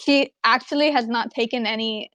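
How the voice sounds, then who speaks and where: A woman playing a tabletop game, describing her quiet character in detail. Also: on the high side, steady tone, moderate pace. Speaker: player.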